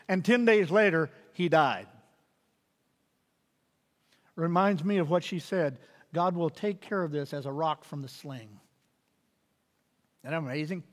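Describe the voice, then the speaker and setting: A man preaching a sermon as pastor, building to loud emphatic peaks and dropping to quiet asides. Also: high voice. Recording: reverberant hall.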